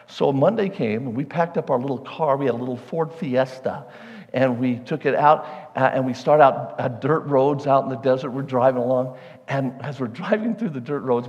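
A man's voice: mid-range voice, muffled recording. Male pastor, mid-range voice, chatty sermon storyteller, long hall reverb. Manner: animated, conversational, self-deprecating.

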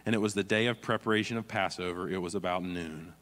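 Pastor preaching, earnest, reads scripture, long hall echo. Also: male voice, deep voice, quick pace, fairly bright tone. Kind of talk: sermon.

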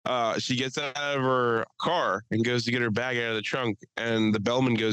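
A man's voice: medium pitch, steady tone, fairly bright tone, clear, resonant tone, no room sound, rough recording. A man co-hosting a podcast, telling crude jokes and rambling stories in casual chat. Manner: joking, profane storytelling with quick asides. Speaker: podcast co-host.

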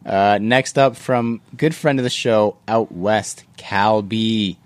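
A man's voice: lowish voice, slow, a little hiss or hum. A man hosting a casual sneaker podcast, reading listener messages and joking with his co-hosts. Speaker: podcast host. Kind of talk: casual chat.

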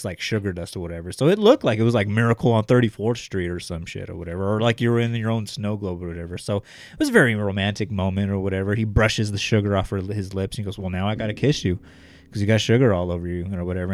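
A man's voice: on the low side, dry recording. A young man telling a story in casual chat, rambling with lots of fillers and swearing.

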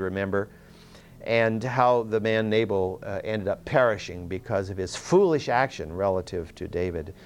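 Male Bible teacher, middle-pitched, very lively intonation, earnest verse-by-verse explainer. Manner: earnest, explanatory, reads Scripture aloud with emphasis; self-correcting, with restarts and fillers.

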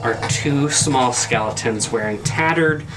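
A game master running a tabletop game and describing scenes in a relaxed, descriptive way. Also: mid-range voice, unhurried, low-quality recording. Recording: music playing behind.

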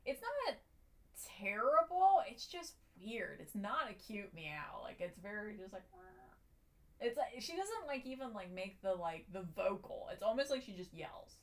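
Casting note: woman podcast co-host, mid-pitched voice, relaxed, leads the conversation. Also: unhurried. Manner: relaxed, many "like" fillers, steers the topic. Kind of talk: casual chat.

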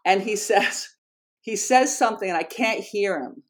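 Woman educator, mid-pitch, earnest and animated, self-correcting storyteller in an interview. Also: normal speed. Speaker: educator and program founder.

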